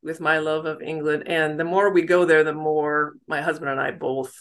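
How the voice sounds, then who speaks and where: A woman's voice: deep voice, little pitch movement, moderate pace, smooth. A middle-aged woman from the United States, a novelist chatting in an interview, laughing easily and poking fun at herself. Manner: chatty, laughs easily, warm self-deprecating. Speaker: novelist guest. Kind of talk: casual interview talk.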